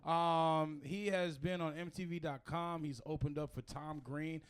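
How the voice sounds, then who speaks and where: A man's voice: a little high, steady tone, measured pace, smooth. A man hosting a live comedy show, bantering upbeat between acts and introducing comics. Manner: upbeat, bantering host patter. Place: comedy club stage with audience.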